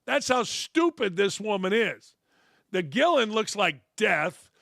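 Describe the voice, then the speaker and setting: A man's voice: sits high, sing-song, slow pace, gravelly, sharp tone, dry recording, studio quality. A male sports talk show host delivering a blunt, profane, opinionated monologue full of sarcastic asides. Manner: brash, blunt, profane ranting; mocks others with sarcastic put-on quotes.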